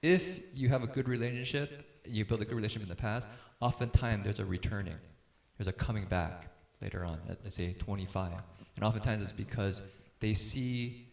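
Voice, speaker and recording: A middle-aged man gives a casual talk on raising children, his voice sitting a little low. He tells stories with easy laughter and acts out what people said. The room around him rings with echo. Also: a little fast, vocal fry, hardly any pauses. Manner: relaxed storyteller, laughs easily, acts out quotes. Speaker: speaker on parenting.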